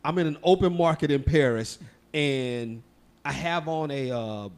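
A man's voice: fairly high pitch, a little slow. A man from Texas co-hosting a podcast, telling stories in a loose, profane, laughing way. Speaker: podcast co-host. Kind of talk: casual chat.

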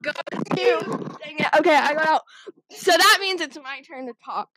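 Giggly high-voiced woman podcast host. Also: normal speed, dry recording, poor audio. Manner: giggly, bursts into yelling. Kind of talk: chaotic casual chat. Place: home room. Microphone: handheld microphone passed around.

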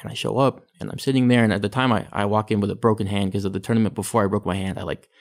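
A young Canadian taekwondo athlete and sports psychology practitioner races through his backstory as an interview guest. His fairly low, creaky voice has fairly even intonation, and his casual, chatty telling is full of "like" and "you know".

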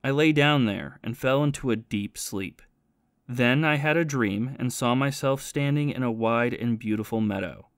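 A man's voice: mid-range voice, normal speed, no room sound, studio quality, lightly acted. A man voicing a remorseful former soldier and thief who confesses his past in a plain storytelling manner.

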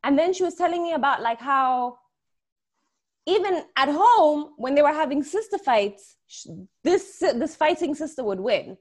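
Animated young woman telling stories. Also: sits high, normal speed. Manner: animated storyteller, swears freely, laughs often. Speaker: podcast co-host. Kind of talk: casual chat.

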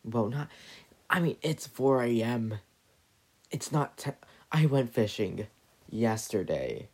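A man talks slowly in a rough, gravelly voice with a breathy edge. He rambles and stumbles over his words in a profane comedic monologue. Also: medium pitch, lively intonation, a little mellow.

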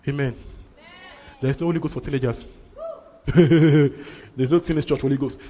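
A man's voice: mid-range voice, fairly even intonation, moderate pace, mellow. A man preaching a sermon, emphatic and repeating his phrases for effect. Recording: reverberant hall.

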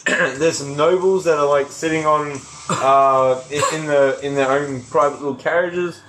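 Man, game master, rambling narration, filler-heavy, slightly high voice, faint noise. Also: steady tone, measured pace, a bit bright, rough recording.

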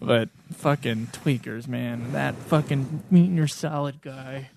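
A man's voice: medium pitch, a little slow, gravelly, a little mellow, slight background noise. A man co-hosting a podcast in casual chat, complaining emphatically with lots of swearing. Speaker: podcast co-host.

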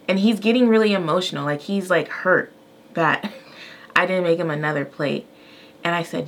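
A woman's voice: fairly low pitch, moderate pace. A mother co-hosting a podcast, telling an everyday story candidly and acting out quoted lines. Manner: animated, candid, acts out quotes. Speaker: podcast co-host. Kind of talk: casual storytelling.

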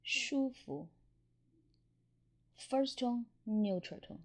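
A woman with a Mandarin Chinese accent, teaching tones slowly and patiently, repeating each word in drills. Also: mid-range voice, lively intonation, a little mellow, lo-fi sound. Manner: slow and deliberate, repeating words in drills. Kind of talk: slow, patient pronunciation lesson.

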